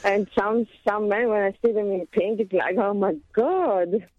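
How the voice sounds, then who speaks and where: A woman's voice: mid-range voice, fairly even intonation, normal speed, no echo. A woman from Greece with a Greek accent, calling in to a radio show, laughing often and talking expressively. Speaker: caller. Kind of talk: casual phone-in chat. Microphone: phone. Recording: muffled phone line.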